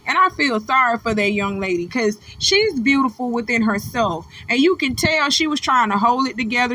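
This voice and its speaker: A woman's voice: on the high side, sharp tone, a little hiss or hum. A woman hosting her own channel, giving blunt, fired-up, profane reaction commentary straight to her viewers. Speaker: host reacting to a viral clip.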